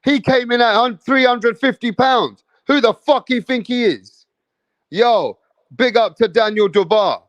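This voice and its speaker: A man's voice: extremely high pitch, a little slow, fairly bright tone, no room sound, lo-fi sound. A man from England hosting a live boxing stream, hyped and profane, repeating his points. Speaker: boxing channel host.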